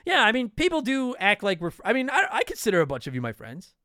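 A man's voice: high voice, wildly swooping pitch, quick pace, bright, forceful tone, dry recording, studio quality. A man in his thirties from Canada hosting a casual solo podcast, answering listener questions in a blunt, profane, joking way.

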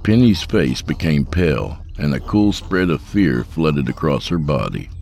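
A man narrating a horror story in a measured, dark storytelling manner. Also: rumbling low, animated, creaky. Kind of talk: scripted narration.

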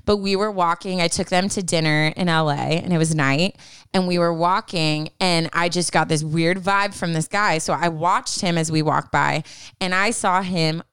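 A woman co-hosting a casual chat podcast tells her story with animation and acts out the lines of the people in it. Her voice is smooth and clear, and the sound is dry and close. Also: lowish voice, normal speed, fairly bright tone, no room sound. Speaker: podcast co-host.

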